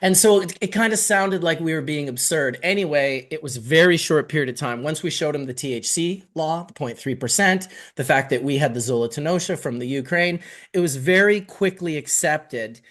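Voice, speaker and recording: A middle-aged man from Canada, telling a long story in casual podcast chat, animated and full of swearing. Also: fairly high pitch, normal speed. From Canada (Manitoba). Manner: animated, profane, rambling storyteller.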